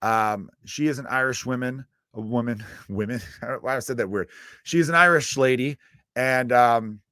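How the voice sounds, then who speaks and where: A man's voice: mid-range voice, normal speed, bright, forceful tone, no room sound. A man from the United States hosting his own comedy podcast, rambling through a casual rant with loose, profane, self-mocking asides. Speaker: stand-up comedian podcast host.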